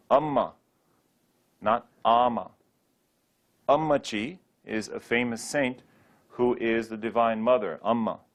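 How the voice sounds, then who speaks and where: A man giving a Sanskrit pronunciation lesson, drilling words slowly and repeating them, with playful rhetorical questions. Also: mid-range voice. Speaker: Sanskrit teacher.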